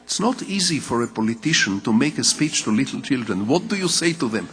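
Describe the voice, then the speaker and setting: An older Israeli man with a Hebrew mother tongue, giving a public lecture in measured storytelling with rhetorical repetition. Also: mid-range voice, big pitch swings, fairly bright tone, big-room sound. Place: large lecture hall.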